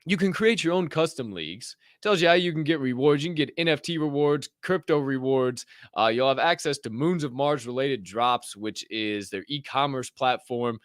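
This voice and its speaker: A man's voice: medium pitch, expressive, moderate pace, few pauses, a bit bright, no echo, clean studio sound. A man hosting a podcast, giving casual news commentary in a joking, profane way, reading items aloud with asides. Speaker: podcast host.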